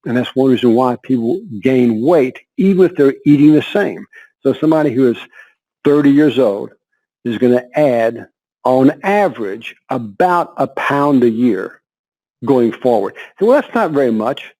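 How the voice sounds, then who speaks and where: A man in his seventies, an interview guest telling lively anecdotes with frequent laughs and repeated words. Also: mid-range voice, unhurried, low-quality recording. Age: 70s. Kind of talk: conversational storytelling.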